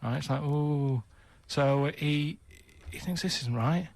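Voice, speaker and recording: Man rambling through a story, slightly high. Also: a little slow, creaky, dry recording. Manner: plodding, repeats himself, keeps checking with "right?". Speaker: radio show regular telling a riddle story. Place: radio studio.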